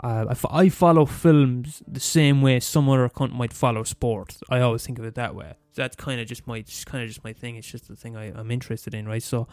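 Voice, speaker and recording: A man's voice: mid-range voice, steady tone, a little fast, few pauses, darkish tone, no room sound. A man from Limerick with a Limerick Irish accent, ranting in a comedic monologue, profane and exasperated, often restarting and repeating himself. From Limerick, Ireland.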